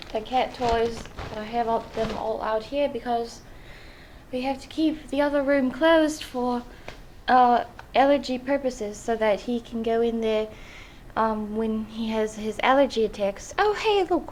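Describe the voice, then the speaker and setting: A young woman playing a chatty young secret-agent vlogger in an Australian accent, in an in-character role-play vlog, rambling and dropping into hushed whispers. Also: on the high side, slight background noise, natural voice, rough recording. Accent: Australian, put on.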